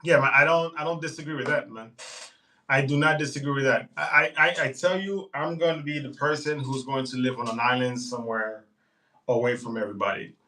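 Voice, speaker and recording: A man's voice: medium pitch, fairly even intonation, a little fast, pushed and bright, recorded from a distance, a little hiss or hum, rough recording. A male livestream host chatting casually, reading out viewer comments and rambling with restarts. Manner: reads chat comments aloud and rambles on politics.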